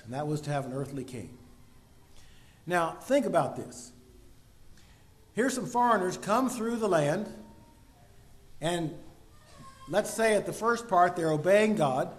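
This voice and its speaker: High-voiced man preaching with loud bursts. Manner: rhetorical questions, sudden loud emphasis. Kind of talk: sermon.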